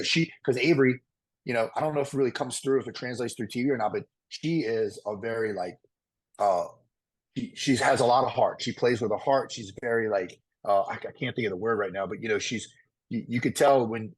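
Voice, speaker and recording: A man answers interview questions at a quick clip. His voice is husky, and he rambles, doubling back and restarting his sentences. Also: mid-range voice, poor audio. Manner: fast, rambling, with many restarts and fillers. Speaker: reality competition contestant. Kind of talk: casual interview.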